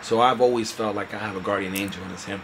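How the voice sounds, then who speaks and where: A man earnestly recounting a personal story in a halting way, his voice often trailing off quietly. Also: lowish voice, fairly even intonation, background noise. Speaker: interviewee telling a personal story. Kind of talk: candid personal account.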